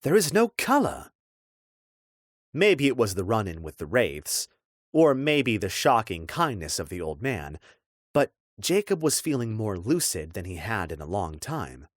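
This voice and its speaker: A man narrating a dark fantasy audiobook in a measured, expressive storytelling voice. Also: on the low side, dry recording, clean studio sound.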